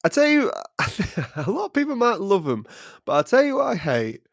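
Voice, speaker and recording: A man's voice: sits high, wildly swooping pitch, normal speed, creaky, no echo, clean studio sound. A man co-hosting a podcast in casual, jokey chat, rambling with plenty of fillers. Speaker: podcast co-host.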